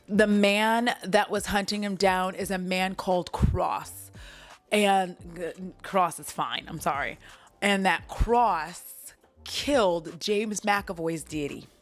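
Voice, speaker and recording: A woman hosting a casual movie recap vlog, giggly and rambling, with plenty of swearing. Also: mid-range voice.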